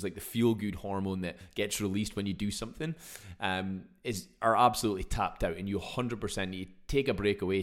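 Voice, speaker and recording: Man, young, podcast host, chatty rambling delivery with exclamations, quick pace. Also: on the low side. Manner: chatty, exclaims often, mild swearing. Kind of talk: casual solo podcast talk.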